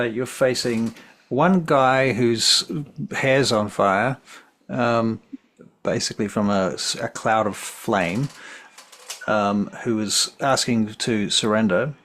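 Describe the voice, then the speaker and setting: A man's voice: medium pitch, slow, a bit bright. A man running a tabletop game as game master, easygoing and thinking aloud as he tallies dice.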